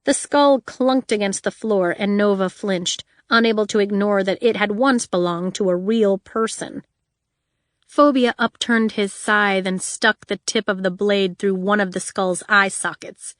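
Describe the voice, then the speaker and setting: Woman audiobook narrator, unhurried and steady, dry studio sound. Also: mid-range voice, no echo. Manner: measured, even storytelling.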